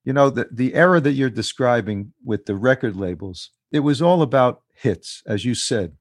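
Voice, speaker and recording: A male interviewer speaks in a measured, conversational manner. His voice has a middling pitch and sounds dry and close. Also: expressive, dry recording. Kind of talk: interview questions and commentary.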